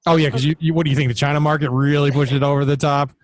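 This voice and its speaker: Teasing man on a podcast, higher voice. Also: fairly even intonation, racing, crowd noise. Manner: teasing, profane, ribbing the others. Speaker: podcast co-host. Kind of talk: casual chat.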